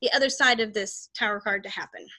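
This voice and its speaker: A woman talks fast on her podcast, casually rambling about her life and her readings as a psychic, restarting often. Her medium-pitched voice is bright and forceful.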